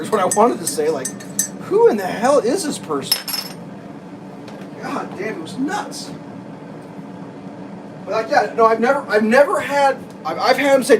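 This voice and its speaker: Vlogging in his home kitchen while making breakfast, a man tells an exasperated, rambling story as a casual rant, restarting often and laughing. His voice is high, sing-song and brisk, with frequent pauses over a noisy background.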